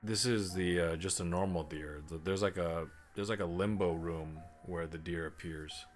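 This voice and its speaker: A man with a deep, low voice chats through a live game stream. He talks casually and pokes fun at his own slip-ups, with faint music underneath. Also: fairly even intonation, normal speed. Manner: chatty, self-deprecating, laughs at his mistakes. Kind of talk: live gameplay commentary.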